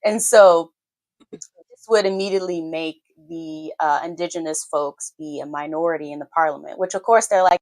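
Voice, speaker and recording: A woman's voice: low voice, fairly even intonation, normal speed, darkish tone, no room sound. A woman co-hosting a morning talk show, explaining the news in a wry, conversational way with many fillers. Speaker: co-host. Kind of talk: casual political chat on a morning show.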